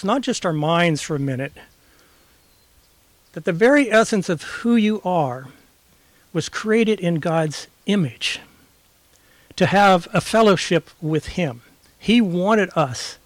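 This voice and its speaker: A man's voice: high-pitched, no echo. Man preaching an outdoor sermon, dry sound. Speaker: guest preacher. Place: outdoors in a backyard.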